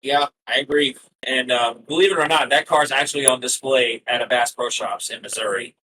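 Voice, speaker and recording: A man's voice: medium pitch, brisk, sharp tone, low-quality recording. A man in his twenties co-hosting a casual motorsport podcast, talking earnestly and conversationally. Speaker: podcast co-host.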